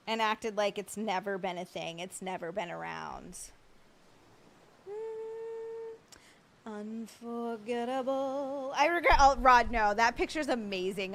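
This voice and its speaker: A woman hosting a livestream in a casual, chatty way, greeting viewers and answering their comments. She is excitable and quick to laugh. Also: a little high. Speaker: livestream host.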